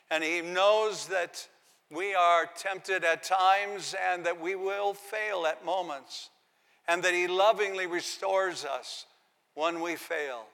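A man's voice: on the high side, pushed and bright, big-room sound. A man preaching a sermon, reading scripture aloud and giving the quoted lines dramatic emphasis. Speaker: pastor.

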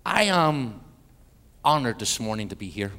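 Irish man, visiting preacher, joking sermon and hushed prayer, long church reverb. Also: mid-range voice, very animated, a little slow. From Ireland. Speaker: guest preacher. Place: large church.

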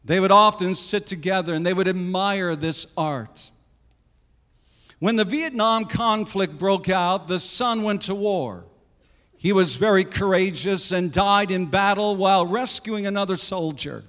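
Male preacher, high voice, earnest storyteller, long hall reverb. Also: unhurried, fairly bright tone. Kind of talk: sermon illustration storytelling.

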